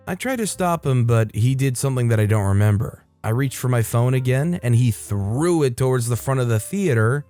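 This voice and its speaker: A man narrating a reddit story in a steady, even scripted read. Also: medium pitch, clean tone.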